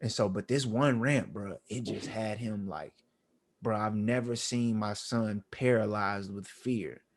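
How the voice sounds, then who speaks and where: With a lowish voice and a measured pace, a thirtysomething podcast co-host relates a touching family story. His casual storytelling is slangy, emotional and loaded with fillers.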